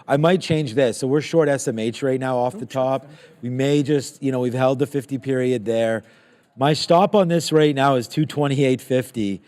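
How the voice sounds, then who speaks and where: A man's voice: medium pitch, normal speed, darkish tone. A man co-hosting a live trading stream, thinking aloud as he scans coin prices and stock charts. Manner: rambling, thinks aloud while scanning charts. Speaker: co-host of a live trading show. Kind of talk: casual live-stream market talk.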